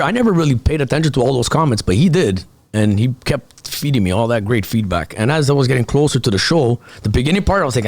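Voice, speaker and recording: A man who is a comedian, telling stories as a guest in a casual podcast chat, animated and profane. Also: medium pitch, fast talker, few pauses. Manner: animated storytelling, frequent swearing.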